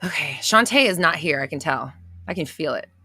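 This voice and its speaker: Chatty, bright-voiced woman live-streaming. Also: low voice, animated, a little fast, husky, no room sound, clean studio sound. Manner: chatty, swears, reads viewer comments aloud. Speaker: host of a live manifestation coaching stream. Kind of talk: casual live-stream talk.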